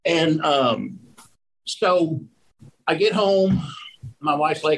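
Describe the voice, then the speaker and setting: A man, a roofing contractor, telling lively stories in a casual conversation and acting out the people in them. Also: on the high side, takes it slowly, husky, low-quality recording. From Pennsylvania. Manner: animated storyteller who acts out the people in his story.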